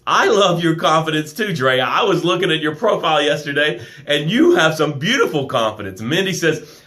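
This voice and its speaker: A man with a higher-than-usual voice gives an emphatic, affectionate pep talk on a live stream. He reads out viewer comments and swings between loud bursts and quiet asides. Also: big pitch swings, normal speed. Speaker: business coach.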